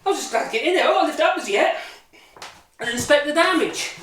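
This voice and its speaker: A man's voice: very high-pitched, lively intonation, moderate pace, a bit bright. A man chatting casually in a home workshop vlog, rambling and correcting himself as he talks through a machine. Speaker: hobby woodworker showing a machine. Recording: echoey room, distant mic, noisy background.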